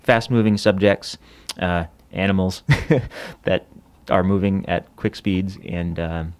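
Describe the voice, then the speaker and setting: Male podcast co-host, low voice, loose joking chat. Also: fairly even intonation, slow, clean tone. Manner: laughs often, loose and joking. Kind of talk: casual chat.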